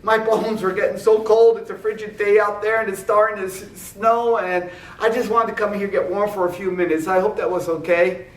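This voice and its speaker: Elderly woman, polite and apologetic, put on by a male preacher; higher voice, roomy and distant. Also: little pitch movement, a little fast, natural voice. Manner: gentle, polite. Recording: echoey room, mic at a distance.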